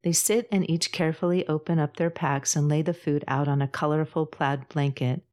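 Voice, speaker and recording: Calm, low-voiced woman narrator for a podcast storybook. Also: normal speed. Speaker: author and podcast host.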